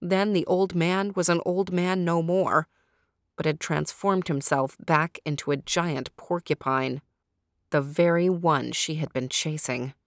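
Woman reading a kids' story real slow, lowish voice, dry close sound. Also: fairly even intonation, no room sound. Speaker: storyteller host. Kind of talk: scripted children's story narration.

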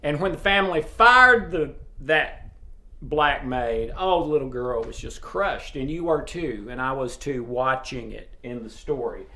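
A man giving an informal sermon, earnest and emphatic, with frequent pauses and fillers. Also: medium pitch, bright, forceful tone. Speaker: preacher. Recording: roomy echo.

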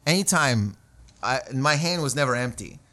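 A man's voice: mid-range voice, moderate pace. A man, a comedian, telling a rambling story in casual chat and acting out the people in it. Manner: rambling, animated, acts out quoted voices.

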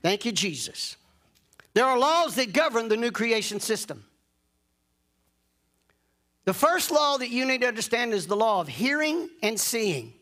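A man's voice: extremely high pitch, sing-song, unhurried, pauses often, pushed and bright. A man preaching a sermon in an emphatic, insistent way, repeating phrases to drive points home.

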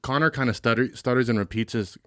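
A young man in casual podcast chat, quick and joking. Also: medium pitch, a bit bright, dry recording, clean studio sound. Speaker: podcast co-host.

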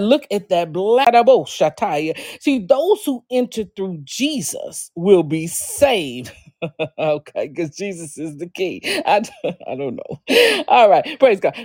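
A woman's voice: mid-range voice, a little mellow. A woman preaching a sermon on a podcast, exuberant, laughing often and calling out to her listeners, at times speaking in tongues.

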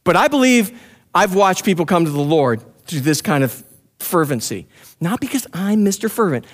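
A man preaching with a high, passionate voice, pressing his listeners hard. He pleads and urges as he speaks. When he prays aloud, his voice sinks low and soft. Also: big pitch swings, moderate pace. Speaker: pastor. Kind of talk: sermon.

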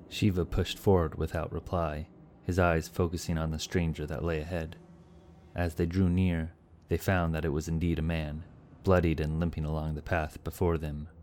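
A man giving steady, scripted narration of a fantasy adventure story. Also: a bass voice, slight background noise.

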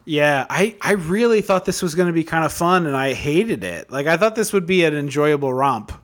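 Chatty man podcast host, slightly high voice. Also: animated, normal speed, fairly bright tone. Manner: rambling, chatty, frequent fillers and restarts. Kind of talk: casual chat. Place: hot room at home.

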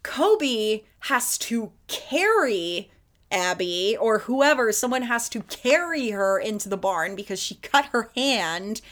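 Animated, swearing woman podcast host. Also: fairly high pitch, slow. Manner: animated storyteller, acts out characters, swears freely. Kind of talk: casual recap chat.

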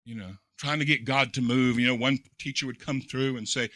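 A man, a pastor, preaching a sermon in a folksy storytelling way, full of repeated words and fillers, moving between quiet reflection and loud, excited preaching. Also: medium pitch, brisk, hardly any pauses, no echo, clean studio sound.

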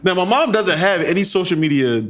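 A man's voice: high-pitched, brisk. A young man co-hosting a podcast in casual chat, telling stories with laughter and acted-out quotes. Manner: animated storytelling, laughing, acts out quotes. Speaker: podcast co-host.

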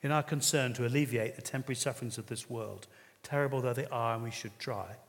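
A man's voice: mid-range voice, fast. Man preaching in a reverberant hall. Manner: earnest, conversational preaching with hesitations. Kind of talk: sermon.

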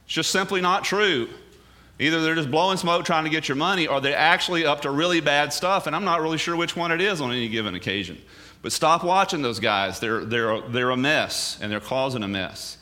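Man, Bible teacher, bright tone, animated sermon delivery with chatty asides. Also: fairly high pitch, a little fast. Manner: animated, swings loud and soft, casual asides.

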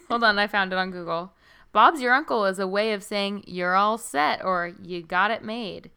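A woman's voice: mid-range voice, sharp tone, clean tone. A woman co-hosting a casual book podcast, chatty and giggly with lots of fillers. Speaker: podcast co-host. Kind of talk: casual book discussion chat.

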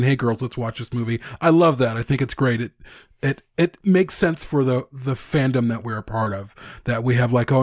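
A man's voice: mid-range voice, darkish tone, no echo, clean studio sound. A man co-hosting a casual podcast, chatting and reading listener stories aloud. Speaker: podcast co-host. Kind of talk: casual fan podcast chat.

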